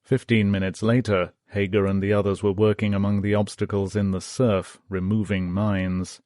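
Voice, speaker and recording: A man narrating a history audiobook in a steady, measured reading. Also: lowish voice, no echo, clean studio sound.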